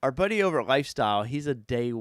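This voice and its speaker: A man hosting a casual live-stream car chat, talking loosely and excitably, jumping from loud bursts to mutters. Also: mid-range voice, very fast, dry recording, studio quality. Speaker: host.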